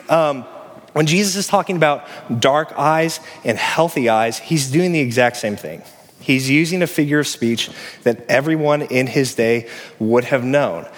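A man in his thirties delivers a sermon in a relaxed, conversational way, as if talking with friends from the pulpit. His voice sits at an ordinary middle pitch. He swells in volume and energy when he drives a point home, and a long hall reverb trails behind every phrase. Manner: conversational, animated storytelling, swells louder on emphasis. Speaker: pastor.

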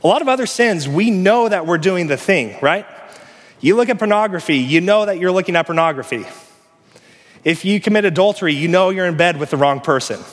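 A man in his thirties preaching a sermon as a pastor, telling stories conversationally and growing louder and animated on his key points. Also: sits high, fairly quick. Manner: conversational, animated storytelling, swells louder on emphasis. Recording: long reverb of a large hall.

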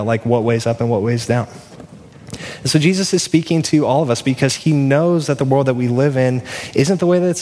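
A man preaching a sermon in a conversational way, acting out dialogue with lively restarts. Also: mid-range voice, a little hiss or hum. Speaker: pastor. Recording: long hall reverb.

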